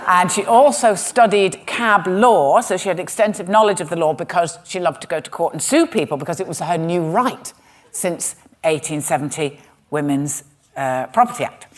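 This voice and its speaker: A woman's voice: fairly low pitch, animated, moderate pace. A woman comedian telling a history story on stage with wry, sarcastic asides. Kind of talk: stand-up storytelling talk. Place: stage in a museum.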